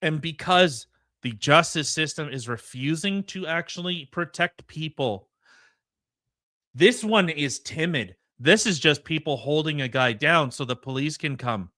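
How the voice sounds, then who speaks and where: A man's voice: on the high side, unhurried, pushed and bright, no echo, studio quality. A man hosting a podcast, giving indignant, heated commentary with stammering restarts. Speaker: podcast host. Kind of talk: opinionated commentary.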